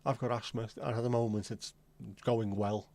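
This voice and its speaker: A man's voice: medium pitch, level tone, normal speed, a little mellow. Man casually chatting with live-stream viewers. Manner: friendly, teasing banter with viewers. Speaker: livestream host. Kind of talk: casual chat reading out viewer comments.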